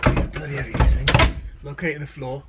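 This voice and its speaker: A man's voice: mid-range voice, little pitch movement, moderate pace, dull audio. A British man giving casual commentary while fitting out a van, swearing freely and making dry, self-mocking asides. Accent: British English. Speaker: van conversion vlogger. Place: workshop, under and inside a van. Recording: noisy workshop recording with clicks.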